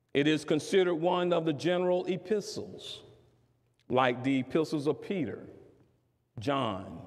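A man preaching a sermon as bishop, measured and deliberate, rising to forceful emphasis on key words. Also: a little high, in a large hall. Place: church sanctuary.

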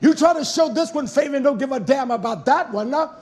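A man's voice: extremely high pitch, quick pace, darkish tone. A man preaching a fiery, confrontational sermon, scolding his listeners and firing rhetorical questions at them.

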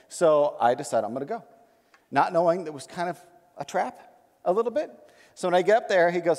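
A man preaching a sermon as a pastor, telling a personal story in a conversational, animated way. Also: high-pitched, fairly quick, pauses often, big-room sound. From United States. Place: church sanctuary.

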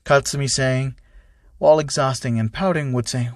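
A man's voice: animated, brisk, no echo, clean studio sound. Man reading a fan story aloud. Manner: reads every part himself, shifting pitch for each character. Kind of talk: narrated fan story reading with character lines.

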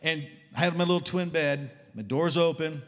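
A man's voice: a little high, moderate pace. Dynamic male preacher in a reverberant hall. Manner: dynamic, swings between loud exclamations and hushed whispers. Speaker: guest preacher. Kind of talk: sermon. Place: church hall.

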